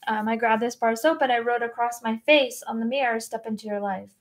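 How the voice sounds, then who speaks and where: Earnest woman with a high voice. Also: steady tone, fast. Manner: earnest, reflective, candid. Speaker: podcast guest. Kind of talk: personal storytelling in a conversation. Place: podcast recording room.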